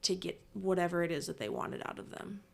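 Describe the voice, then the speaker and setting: Fast-talking young woman guest. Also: on the low side, expressive, creaky, a little mellow. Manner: quick and earnest, heavy use of "like". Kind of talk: casual chat.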